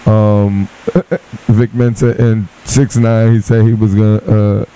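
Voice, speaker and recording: A man co-hosting a radio show, chatting casually in the studio and reading definitions aloud in a relaxed way. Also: lowish voice, takes it slowly, a little hiss or hum, rough recording. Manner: reads definitions aloud, laid-back. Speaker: radio co-host.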